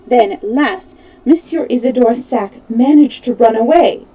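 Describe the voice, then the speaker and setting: A woman reading a classic novel aloud as a storyteller on a live stream, expressive, stumbling now and then over names. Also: on the high side, unhurried, no echo, far from the mic, low-quality recording.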